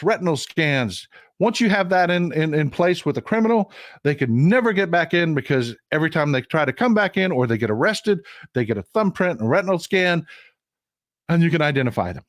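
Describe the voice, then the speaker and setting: A man hosting a casual political livestream in a blunt, emphatic way, hammering points with short repeated phrases. His voice sits a little high for a man and swings up and down as he presses a point. The sound is close and dry, with almost no room behind it. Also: no echo. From Texas. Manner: reads out viewer comments and thanks donors. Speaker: livestream political commentary host. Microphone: streaming setup mic.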